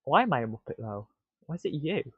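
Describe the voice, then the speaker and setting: A man streaming live, muttering to himself in excitable bursts with stammered restarts, on dull lo-fi stream audio. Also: mid-range voice, fast talker, husky, no echo. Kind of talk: casual live-stream self-talk.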